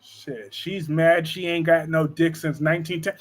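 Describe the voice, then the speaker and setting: A high-voiced man chatting casually on a live stream from home. He keeps things animated and joking, and reads viewer comments aloud as he goes. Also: normal speed. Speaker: live-stream host discussing soap operas.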